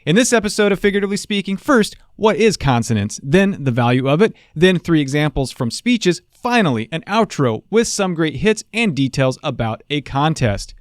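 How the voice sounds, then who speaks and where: A man teaching public speaking in a playful, joking scripted style. His voice sits a little high, with a very lively, animated melody. The sound is close and dry. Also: normal speed, few pauses, no room sound. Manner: playful, jokey, upbeat. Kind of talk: scripted video lesson.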